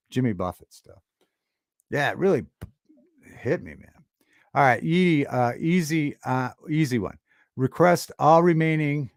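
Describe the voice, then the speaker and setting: A livestream host chats loosely with his viewers, restarting sentences and drifting between topics. His delivery is rambling and halting, with many restarts and shout-outs to chat. His middle-pitched voice sounds close and dry, with no room sound.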